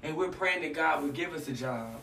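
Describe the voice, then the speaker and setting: A man's voice: fairly high pitch, a little fast, vocal fry. A man hosting a casual faith talk, telling stories animatedly and acting out what people said. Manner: animated storytelling, acts out dialogue. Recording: echoey room, mic at a distance, faint noise.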